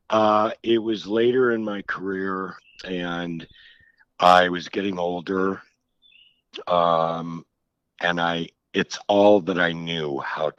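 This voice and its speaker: A middle-aged man, an author, telling his story frankly in an interview, halting and reflective with many restarts. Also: low-pitched, fairly bright tone, dry recording. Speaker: author guest. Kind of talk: candid interview conversation. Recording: slightly dull lo-fi audio.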